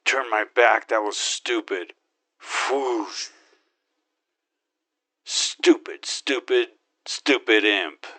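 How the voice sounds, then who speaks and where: A man's voice: on the low side, extremely slow, pauses often, bright, forceful tone, no echo, heavily acted. A man voicing a cocky, gun-loving male space marine hero who brags, wisecracks and makes his own gun sound effects in an in-character game monologue.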